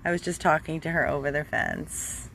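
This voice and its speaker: A woman hosting a casual live stream from her dog rescue, using gentle baby talk with her dog and chatting with viewers. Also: low voice, moderate pace, gravelly. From Florida. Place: home with dogs, indoors and out.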